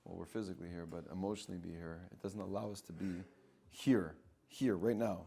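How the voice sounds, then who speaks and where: A man who works as a spiritual coach, giving an animated teaching talk, repeating phrases and acting out inner voices as he explains. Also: low-pitched, a little fast, creaky, husky.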